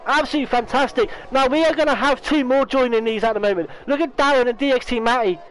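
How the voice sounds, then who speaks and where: Excitable high-voiced race commentator. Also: male voice, a little hiss or hum, poor audio. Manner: excitable, talks fast with restarts and self-corrections. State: losing his voice, hiccups. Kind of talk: esports racing commentary.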